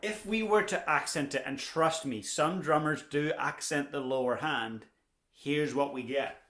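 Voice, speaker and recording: A young man gives a drumming lesson at a measured pace in a slightly high voice. He's chatty and encouraging and throws in the occasional dad joke, recorded in an echoey room with noticeable background noise.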